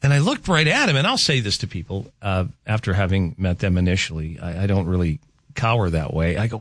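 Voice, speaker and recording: A male radio host in a dry-sounding studio, talking in a loose, wandering way. His pitch leaps high and drops low as he tells stories and jokes with listeners, full of restarts and asides. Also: sing-song, moderate pace, sharp tone, dry recording. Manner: rambling, chatty, with frequent restarts and asides. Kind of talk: casual morning radio chat. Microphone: studio microphone.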